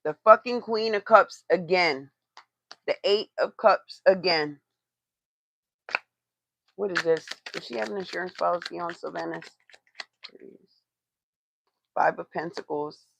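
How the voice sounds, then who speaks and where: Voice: mid-range voice, a little slow, vocal fry, long pauses, noisy background. A tarot reader doing a live reading, blunt and profane, who swears for emphasis and talks straight to the chat.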